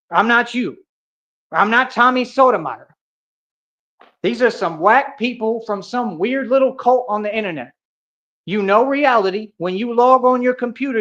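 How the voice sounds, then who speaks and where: A man's voice: high-pitched, a bit bright. Man ranting confrontationally on dull lo-fi audio. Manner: confrontational, boastful, street slang, repeats 'bro' and 'real talk'. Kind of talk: heated livestream rant.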